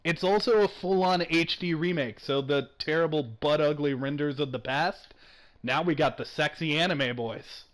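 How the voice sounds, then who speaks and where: A young man hosts a casual gaming podcast, talking fast and excitedly. He swears freely and laughs often. His voice sits a little high for a man. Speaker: podcast host.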